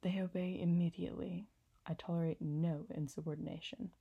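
Woman reading a bossy old storybook king, low husky voice, full of himself. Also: fairly even intonation, a little fast, muffled recording. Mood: commanding. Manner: commanding, self-important. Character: proud pompous old male king.

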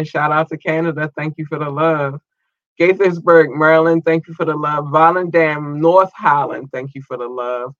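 A man hosting his own show in a loose, slangy, chatty way, rattling through listener shout-outs. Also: on the high side, no echo. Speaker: podcast host. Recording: dull lo-fi dry sound.

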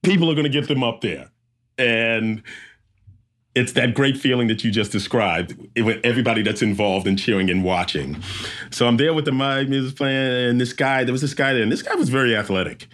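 Race emcee, male, average pitch, animated storyteller who acts out every beat. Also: brisk. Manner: lively storyteller who acts out sounds and voices.

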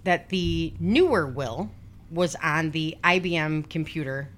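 A woman's voice: low-pitched, expressive, a little slow, a bit bright. Blunt, sweary woman in her forties. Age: 40s. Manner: blunt, sweary, sarcastic asides. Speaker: podcast host. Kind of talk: casual true-crime storytelling.

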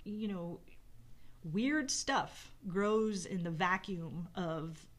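Middle-aged woman, low voice, reflective, rambling, casual chat with her spouse. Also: expressive, very slow. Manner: reflective, rambling with many fillers. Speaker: podcast co-host talking about her marriage. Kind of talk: casual conversation.

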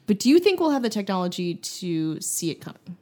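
A woman's voice: mid-range voice, sing-song, brisk, warm tone. A woman co-hosts a podcast, riffing playfully and laughing easily. Her voice moves animatedly up and down as she builds on jokes. The talk is loose and casual. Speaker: podcast co-host. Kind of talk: casual chat.

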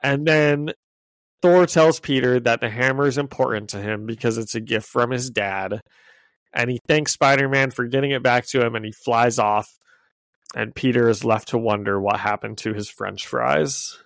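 A man of ordinary pitch chats on a podcast, recapping a comic story in a loose, amused way. His voice sits close and dry on the mic, with little room sound. He drops quick paraphrased lines from the characters as he goes. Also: gravelly, a bit bright, no room sound. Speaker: podcast co-host. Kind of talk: casual chat, retelling a comic.

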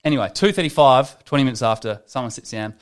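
A young man, co-hosting a casual podcast. He tells animated, exasperated stories, swearing freely, in a mid-range voice. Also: mid-range voice, fast. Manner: swears a lot, animated storytelling. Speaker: podcast co-host.

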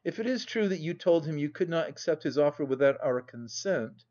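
A grave, dignified older aunt speaks with cold, measured reproof, voiced by a man reading aloud. The voice sits a little high and comes through a dull, lo-fi home recording. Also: lively intonation, darkish tone, close to an everyday voice.

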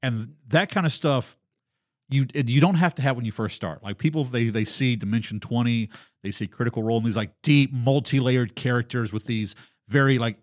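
A man in the host's chair of a casual podcast, spinning animated stories full of quick restarts and asides. His voice sits in a middle register and sounds dry, close to the mic with little room around it. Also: mid-range voice, no room sound. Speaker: podcast host. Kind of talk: casual chat about tabletop gaming.

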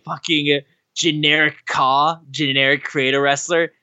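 A man co-hosting a podcast in casual chat, animated and swearing freely as he recaps shows. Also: medium pitch, moderate pace, no room sound, highs cut off. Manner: animated, swearing, acts out quotes. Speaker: podcast co-host.

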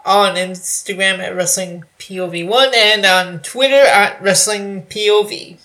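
High bright male podcast co-host. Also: fairly even intonation, a little slow. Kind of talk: casual podcast chat.

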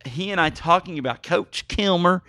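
A male podcast host in casual chat who drifts from story to story and keeps apologizing along the way. His voice sits a bit high with a sharp, bright edge, and it sounds dry and close. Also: moderate pace, dry recording. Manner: rambling, excitable, apologetic storytelling.

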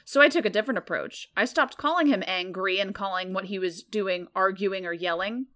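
A woman's voice: mid-range voice, a little fast, sharp tone. A woman co-hosting a podcast, reading a forum post aloud with wry amusement. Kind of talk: reading aloud with casual chat.

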